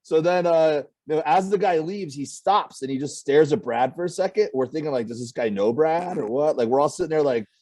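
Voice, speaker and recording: With a slightly high voice, this comedian guest talks a little fast and barely pauses during casual storytelling. He's animated, acting out the characters in his stories and doing their quoted voices.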